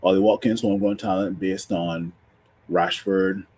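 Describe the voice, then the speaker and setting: A man on a fan panel in casual chat over a video call, speaking hesitantly and filling pauses with "um". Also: sits low, fairly even intonation, a little mellow, slight background noise.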